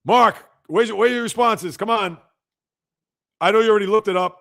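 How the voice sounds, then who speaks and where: This is a man hosting a casual sports livestream, reading out viewer comments and ribbing them in a competitive, playful way. His voice sits high and carries a gravelly rasp. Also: brisk, fairly bright tone. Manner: teasing, competitive, reads and answers viewer comments. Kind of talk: casual live-chat banter.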